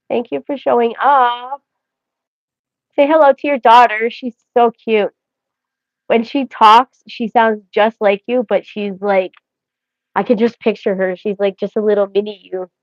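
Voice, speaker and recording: A woman's voice: a little high, fairly even intonation, moderate pace, no echo. A woman hosting a casual livestream, rambling and joking as she talks straight to her viewers. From Canada. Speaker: livestream host. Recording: dry, dull lo-fi audio.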